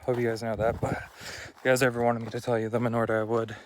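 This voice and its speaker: A man rambles casually to his phone while hiking a hillside trail, dropping slang every few words. His voice sits in a middle register. Steady outdoor noise runs under the recording. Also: mid-range voice, quick pace. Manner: rambling and laid-back, full of slang like "dude". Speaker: vlogger.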